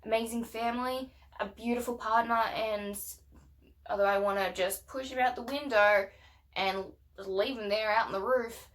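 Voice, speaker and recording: A woman's voice: a little high, fairly even intonation, moderate pace, a bit bright. Blunt, swearing young woman vlogger, heated. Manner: heated, emphatic. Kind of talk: casual rant to camera.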